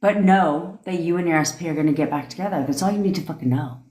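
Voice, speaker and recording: A young woman rants bluntly on a phone livestream, swearing freely and pressing each point hard. Her voice sits low. The sound bounces around an echoey room. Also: fast, dark tone. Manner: blunt, profane, emphatic. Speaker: manifestation coach. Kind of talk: livestream rant.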